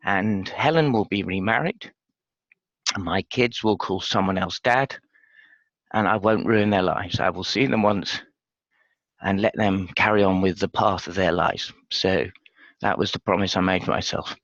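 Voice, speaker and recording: A British man in his fifties, a former pilot telling his story frankly and reflectively in an interview, halting with fillers. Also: sits low, fairly bright tone, no room sound, muffled recording. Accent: British English. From Britain. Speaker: podcast guest, former RAF pilot.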